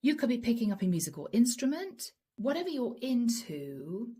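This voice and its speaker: A woman's voice: fairly high pitch, very animated, normal speed, mellow, slightly rough. A woman giving a casual channeled tarot reading to camera. She talks to the viewer in a chatty, direct way and keeps addressing them by their star sign. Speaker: psychic tarot reader.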